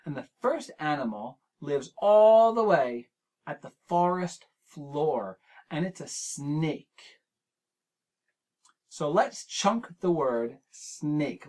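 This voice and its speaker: A male children's show host leads a preschool word game in an unhurried, drawn-out delivery. He talks gently to the young viewer at home, sounding out each syllable and encouraging every try. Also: on the high side. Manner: speaks straight to the young viewer. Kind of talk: preschool lesson.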